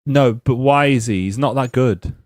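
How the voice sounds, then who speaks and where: A man's voice: medium pitch, moderate pace, a little mellow, no room sound, clean studio sound. A man co-hosting a podcast, teasing and interrupting in casual chat. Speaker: podcast co-host.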